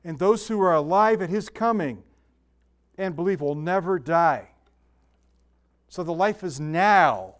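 A man with a notably high voice delivers a sermon in a loose, conversational way. He reads the verses, then wanders into chatty asides and little self-deprecating jokes before coming back to his point. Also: animated, measured pace, long pauses. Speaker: pastor.

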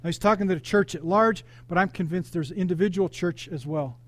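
A male pastor delivering an animated sermon, calling out questions to the congregation and telling personal stories. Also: sits high, a little fast. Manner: animated, interactive preaching with congregation call-outs.

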